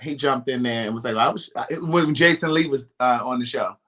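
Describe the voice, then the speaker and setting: A man's voice: mid-range voice, fairly quick, fairly bright tone. A man from Baltimore chatting casually and animatedly on a call, laughing often. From Baltimore, USA. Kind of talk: casual chat.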